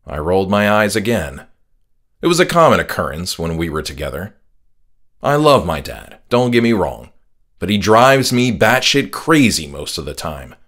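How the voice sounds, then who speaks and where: A man reading his own horror story aloud, narrating in the first person with an expressive storytelling cadence. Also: deep voice, normal speed.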